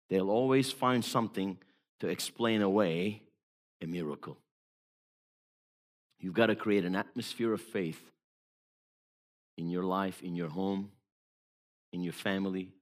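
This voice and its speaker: A man preaching a sermon as an evangelist, emphatic, moving between hushed storytelling and loud exhortation. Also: low-pitched.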